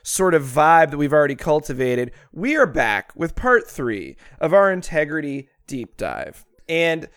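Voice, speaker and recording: A man's voice: on the high side, dry recording, studio quality. Ranting, foul-mouthed male podcast host. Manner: crude, ranting, quick to outrage. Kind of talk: casual profane podcast banter.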